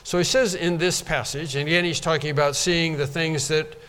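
A man's voice: a little high, steady tone, normal speed, a bit bright, big-room sound. A man preaching a sermon, emphatic and repeating phrases to drive them home.

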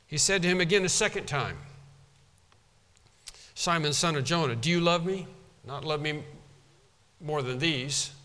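A man preaching an expository sermon, earnest and halting, often repeating words for emphasis. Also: mid-range voice, bright, forceful tone, long reverb tail.

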